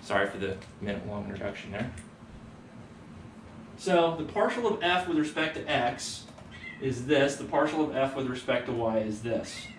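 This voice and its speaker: A man teaching economics math in a casual, relaxed way, checking in with "right?" as he goes. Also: medium pitch, normal speed. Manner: relaxed, tags points with "right?". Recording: roomy, distant mic, faint background hum.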